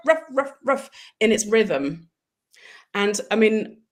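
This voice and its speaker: Slow-spoken woman speech coach. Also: mid-range voice. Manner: instructive, demonstrates pronunciation. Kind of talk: interview answers.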